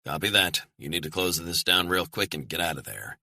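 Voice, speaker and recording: A man's voice: low-pitched, expressive, a little fast, vocal fry, bright, forceful tone, no room sound, exaggerated voice. A man voicing a terse mission handler giving clipped orders over an earpiece in an audiobook. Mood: commanding. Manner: clipped, commanding, radio-style orders. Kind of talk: audiobook character reading.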